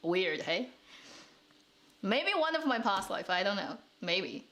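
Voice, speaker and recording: A woman's voice: medium pitch, sing-song, takes it slowly, pushed and bright. A woman from China hosting a casual live stream, chatting and answering comments with frequent laughs and restarts. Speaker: drama channel host.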